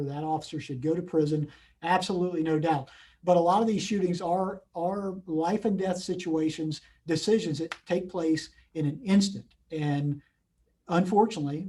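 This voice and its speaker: A man's voice: on the high side, dark tone, slightly rough. Earnest man on a video call. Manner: earnest, many restarts and repeats. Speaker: police chief, guest speaker. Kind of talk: unscripted storytelling at a community meeting. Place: his office.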